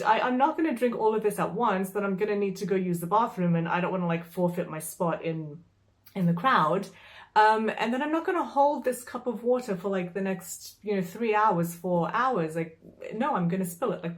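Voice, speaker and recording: A woman tells a story straight to her viewers. Her voice sits at a middle pitch, and she talks in a loose, chatty way. She sounds exasperated, with plenty of fillers and an occasional swear. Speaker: vlogger. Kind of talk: casual storytelling vlog.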